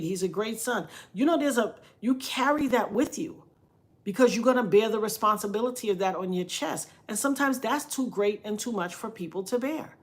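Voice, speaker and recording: Middle-aged woman, commentary vlogger, emphatic preaching tone, mid-range voice. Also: mid-range voice. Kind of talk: casual commentary vlog.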